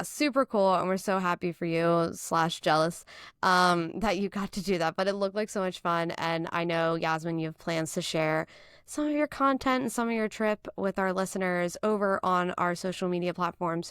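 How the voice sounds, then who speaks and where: A woman's voice: on the low side, a bit bright, smooth, no echo, studio quality. A young woman hosting a casual motorsport podcast, bubbly and laughing often. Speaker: podcast host. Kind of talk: casual chat. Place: home, in Boston.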